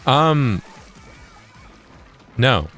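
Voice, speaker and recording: A male co-streamer chatting casually, keeping up a deadpan joke in a put-on Canadian accent and tagging his lines with "eh". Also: mid-range voice, drawn-out words, faint music behind. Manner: deadpan joking bit, tags lines with "eh". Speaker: co-streamer guest. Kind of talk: casual game-stream chat.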